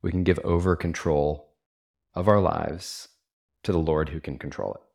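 A man's voice: a bass voice, normal speed, gravelly, darkish tone. A man pastor giving a sermon in an earnest, conversational way, asking his listeners many rhetorical questions and using casual fillers.

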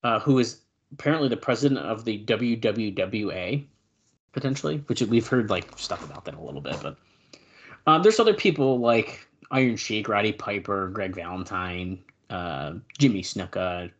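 A male podcast co-host in casual chat, reading out old news notes and adding quick asides. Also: lowish voice, animated, lo-fi sound.

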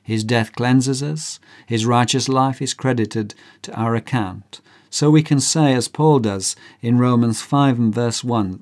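A man's voice: medium pitch, a little slow, hardly any pauses, a little mellow. A man preaching a sermon, earnest and emphatic, telling a courtroom story to his listener. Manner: earnest, emphatic, acts out characters' voices.

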